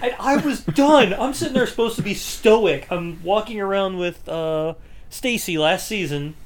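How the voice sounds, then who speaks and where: A woman's voice: medium pitch, expressive, measured pace, a little hiss or hum. A woman co-hosting a casual chat, rambling and laughing often as she acts out quotes. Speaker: podcast co-host.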